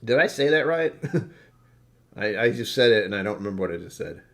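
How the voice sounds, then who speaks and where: Tired, rambling man for a casual whisky vlog; low-ish voice, self-deprecating. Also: animated, brisk, vocal fry, fairly bright tone. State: tired from poor sleep. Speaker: whisky reviewer. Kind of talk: casual tasting notes to camera.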